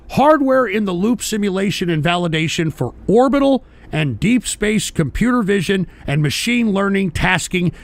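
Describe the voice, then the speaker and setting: A man's voice: high-pitched, gravelly. A man hosting a live-streamed talk show, swearing at trolls and reading chat messages in a rambling, exasperated way. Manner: rambling with restarts and shouted outbursts. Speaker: host.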